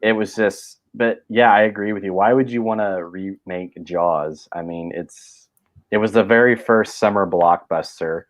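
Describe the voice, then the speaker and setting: A man's voice: fairly low pitch, steady tone, measured pace. A man hosting a casual podcast chat, talking in a rambling way with lots of fillers and restarts. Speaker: podcast host.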